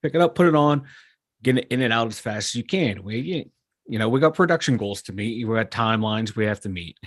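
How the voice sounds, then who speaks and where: A man's voice: medium pitch, fairly quick, dry recording, studio quality. A man with a Pittsburgh accent co-hosting a podcast, telling a casual story and acting out what he said at work. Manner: animated storyteller acting out his own quotes. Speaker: podcast co-host.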